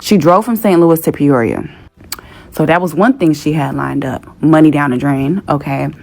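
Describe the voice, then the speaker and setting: A woman's voice: sits low, normal speed, vocal fry, darkish tone. A young woman telling a story in a casual, exasperated rant with plenty of swearing. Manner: profane, exasperated.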